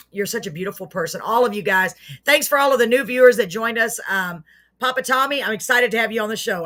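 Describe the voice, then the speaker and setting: Bright-voiced woman hosting a live chat show. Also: lowish voice. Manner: chatty, self-mocking, warm toward viewers. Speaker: host of a live online show. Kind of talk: casual livestream chat to viewers.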